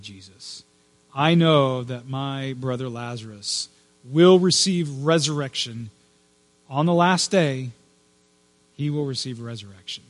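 A man delivers a sermon with earnest emphasis, his voice sitting a little high. He often drops to a near hush on key words. A faint electrical hum runs under the recording. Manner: earnest, emphatic with hushed pauses. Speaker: pastor.

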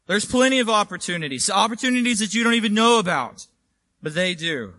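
A man's voice: high voice, lively intonation, brisk, pushed and bright, dry recording. A man preaching a sermon in a church, conversational and emphatic, often checking in with the congregation. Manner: conversational and emphatic, asks "right?".

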